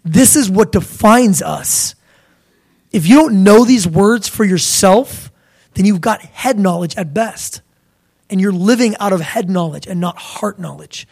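A young man preaching a sermon in a lively, conversational way, now and then acting out voices of biblical figures. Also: high-pitched, unhurried, gravelly, breathy edge.

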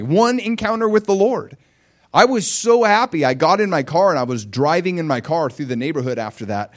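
A man preaching a sermon as a personal story, conversational with fillers and questions to the listeners, swinging from hushed tones to loud shouts. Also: on the high side. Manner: emotional storytelling with big swings from quiet to shouting.

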